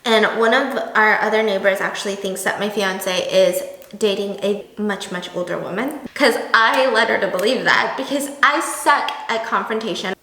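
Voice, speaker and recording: A young woman chatting casually in a vlog, animated and laughing as she tells stories. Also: mid-range voice, moderate pace, echoey room, low-quality recording. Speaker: beauty vlogger.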